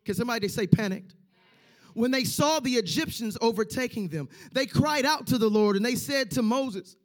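A man's voice: very high-pitched, lively intonation, moderate pace. A man preaching a sermon, stressing points by repeating lines and acting out quoted voices.

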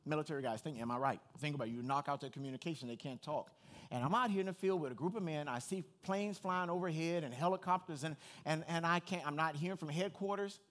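A male pastor preaching a sermon, animated and talking straight to his congregation. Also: on the high side, fast talker. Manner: animated, addresses the congregation directly.

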